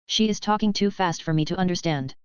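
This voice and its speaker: A woman's voice: fairly low pitch, fairly quick, smooth, dry recording, muffled recording, close to an everyday voice. A woman voicing an impatient, short-tempered woman shopper within a read story. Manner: impatient, complaining. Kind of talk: scripted narration.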